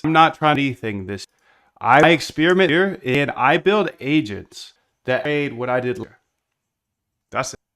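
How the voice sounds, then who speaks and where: A man live streaming while he builds software, chatting in a rambling, slangy way and reacting to his chat. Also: mid-range voice.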